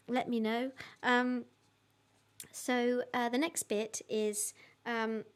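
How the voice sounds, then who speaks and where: A woman singer hosting an online concert, chatting casually to viewers between songs in a friendly way with many ums and restarts. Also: on the high side. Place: at home.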